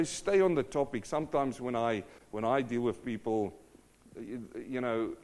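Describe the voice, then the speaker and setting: Middle-aged man, pastor preaching, conversational sermon, fairly high voice, lively delivery. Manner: conversational, animated, acts out little scenes.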